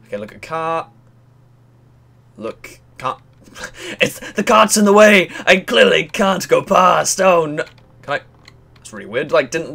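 A young man chatting excitably and swearing casually while playing through a video game. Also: mid-range voice. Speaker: gaming video host. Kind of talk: let's play commentary.

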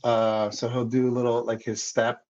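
A man's voice: medium pitch, level tone, normal speed, a little mellow, lo-fi sound. A man playing a tabletop game, thinking aloud as he describes his character's moves. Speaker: player. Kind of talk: casual tabletop play.

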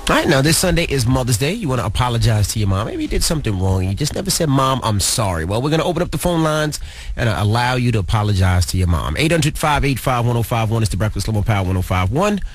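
A man's voice: mid-range voice, sing-song, fast, dry recording. A man hosting morning radio, upbeat, singing out phone numbers and taking calls in a studio. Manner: upbeat, sing-song call-outs. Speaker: radio host. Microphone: studio microphone.

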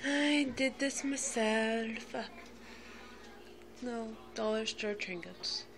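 A woman vlogging casually to her camera, rambling with many fillers and restarts in a fairly monotone voice. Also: a little high, extremely slow, a crowd in the background. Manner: monotone, by her own account; quiet, subdued and near a whisper. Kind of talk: casual home vlog talk.

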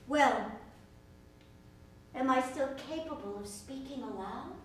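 An actress playing an anxious younger sister who questions herself in halting, wondering phrases on a stage. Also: female voice, high voice. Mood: uneasy, musing. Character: younger sister lying still, anxious, speaking only in her mind. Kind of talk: stage play reading. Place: theater stage. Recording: echoey stage from far off, faint noise.

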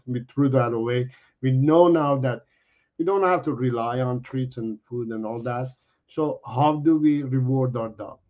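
A middle-aged man who trains dogs talks slowly and earnestly to his viewers. He repeats his points and stops and restarts his sentences, at an ordinary pitch. The audio sounds dull and lo-fi. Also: darkish tone. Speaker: dog trainer. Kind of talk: explaining to viewers.

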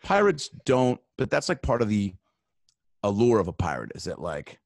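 A man's voice: on the low side, wildly swooping pitch, normal speed, gravelly. A male comedian guest on a podcast, riffing in rambling, swear-laden bits full of fillers. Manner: rambling comic riffs, frequent swearing and fillers. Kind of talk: casual podcast chat.

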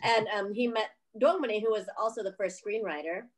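Animated female director telling a story. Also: mid-range voice, brisk. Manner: animated, acts out quoted voices, swears, laughs often. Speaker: film director. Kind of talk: casual storytelling interview.

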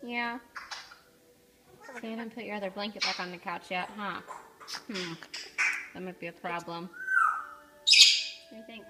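A woman's voice: mid-range voice, fairly even intonation, normal speed, long pauses, very noisy. A woman talking to her pets at home in cooing, sing-song baby talk. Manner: sing-song and affectionate toward animals. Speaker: pet owner vlogger.

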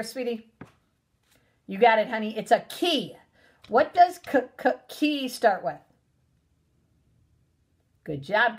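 A woman teaching a recorded phonics lesson to young children, sounding out letters slowly and praising them warmly. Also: fairly high pitch. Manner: encouraging, sing-song, sounds out letters slowly. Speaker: preschool teacher.

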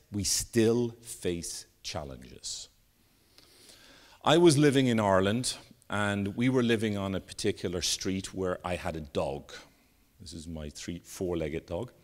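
A man giving a live keynote talk, telling stories and jokes with animated, sweeping emphasis. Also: fairly low pitch. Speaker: keynote speaker. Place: conference stage with an audience.

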